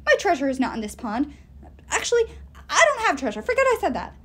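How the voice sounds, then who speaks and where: A woman voicing a panicky old male dwarf, shrill and wailing. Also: wildly swooping pitch, quick pace. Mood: panicked wailing. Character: old slimy male dwarf turned fish, panicky and loud.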